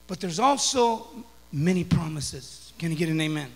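A man preaches a sermon in a high, gravelly, slightly husky voice, repeating words as he tells a story and rising into shouts. The sound carries a long reverb from a church hall. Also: lively intonation, normal speed. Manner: storytelling preacher, stammering restarts, builds to shouting. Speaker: pastor. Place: church sanctuary.

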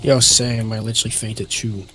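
A man's voice: fairly low pitch, little pitch movement, moderate pace, pushed and bright, faint music behind. A young man playing a game with a friend, chatting casually in a laid-back, teasing way. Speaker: co-player. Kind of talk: casual gaming chat.

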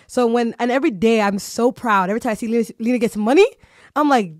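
A woman's voice: on the high side, quick pace, no echo, studio quality. A woman hosting a podcast, chatting casually and animatedly, with lots of "you know" and "like" fillers. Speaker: podcast host.

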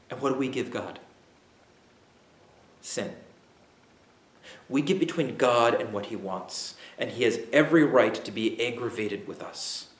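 A man preaching a sermon as pastor, emphatic, with dramatic pauses and acted-out asides. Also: medium pitch, echoey room.

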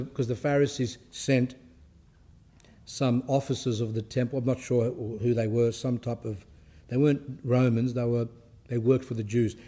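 A man giving an Orthodox talk. He reads scripture aloud and breaks off to explain it in plain, halting words. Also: medium pitch, dark tone, husky. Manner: halting and conversational, with restarts. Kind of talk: sermon talk with scripture reading and commentary.

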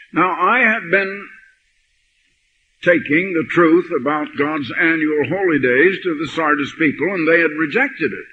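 Older preacher on dull old tape. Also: male voice, fairly high pitch, slight background noise. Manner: anecdotal, slow emphatic scripture reading. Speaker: pastor. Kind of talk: sermon. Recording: dull lo-fi archive sermon recording.

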